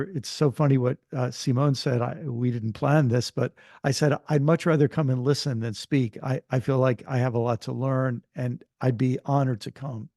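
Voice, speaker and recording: Older guy on a panel, gravelly voice, dry close sound, thoughtful storytelling. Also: mid-range voice, steady tone, mellow, no room sound. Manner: measured, reflective storytelling with small restarts. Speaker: panelist, Christian author.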